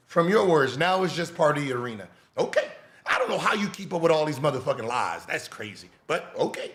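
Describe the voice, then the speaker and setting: Sarcastic man mocking loudly, high lively voice. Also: fairly quick, roomy sound. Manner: mocking, sarcastic, shouts and laughs. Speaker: podcast host. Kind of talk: reacting to clips.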